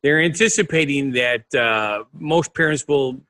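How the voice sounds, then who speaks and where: A man's voice: medium pitch, unhurried, bright, forceful tone. A man co-hosting a casual talk show, answering with short, dry quips. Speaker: podcast co-host. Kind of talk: casual chat.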